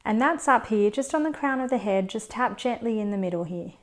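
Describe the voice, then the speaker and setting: A woman coaching viewers through a tapping routine, explaining each step in a calm, gentle, measured way. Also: fairly high pitch. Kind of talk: step-by-step instruction.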